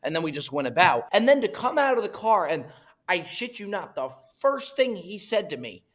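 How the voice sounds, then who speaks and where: A young man hosting a casual podcast, telling a wild story in an animated way, with swearing and restarts. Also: high voice, moderate pace.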